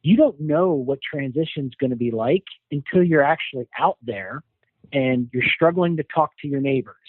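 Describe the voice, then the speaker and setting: A man's voice: a little high, no echo. A man speaking as a guest coach in an interview, explaining with earnest, thoughtful care. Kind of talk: casual interview. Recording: dry tinny phone line.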